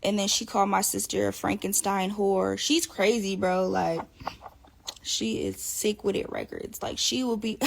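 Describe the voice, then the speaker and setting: A young woman telling stories in a casual interview, animated and profane, often laughing. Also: mid-range voice, moderate pace, creaky, a little hiss or hum. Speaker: interview guest. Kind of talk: casual storytelling.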